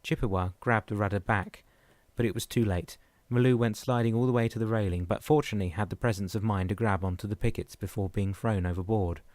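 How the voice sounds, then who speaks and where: A man narrating a novel audiobook in a measured, even reading. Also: lowish voice, no room sound. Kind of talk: scripted narration.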